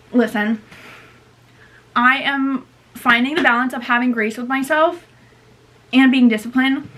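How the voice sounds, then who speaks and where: A young woman in her twenties talks straight to camera in a loose, rambling vlog. Her voice sits a little high, and her chat runs on with constant fillers and self-corrections. She sounds worn out and low on energy. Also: fairly bright tone, a little hiss or hum. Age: 20s. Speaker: vlogger.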